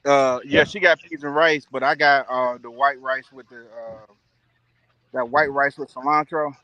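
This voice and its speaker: A man's voice: steady tone, measured pace, bright, forceful tone, dull audio. A man chatting casually on a livestream, telling stories with lots of laughter and playful impressions of his friends. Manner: laughing storyteller, mimics friends in a high voice. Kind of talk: casual chat.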